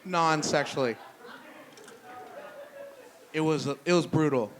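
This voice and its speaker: A man doing a stand-up comedy set in a brewery, blunt and profane with a deadpan delivery. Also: a little high, slow pace. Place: brewery venue with live audience. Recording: noisy live room.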